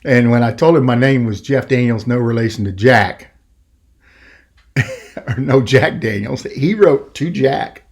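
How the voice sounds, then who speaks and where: A middle-aged man hosting a podcast, telling a story in a rambling, animated way and acting out the quoted voices. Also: medium pitch, a little slow. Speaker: podcast host. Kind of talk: casual storytelling.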